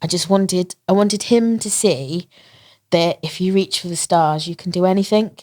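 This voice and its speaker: A woman from England, a guest in a podcast interview, telling a personal story in an animated way, laughing often and acting out the voices of others. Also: lowish voice, normal speed. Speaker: interview guest, marathon runner.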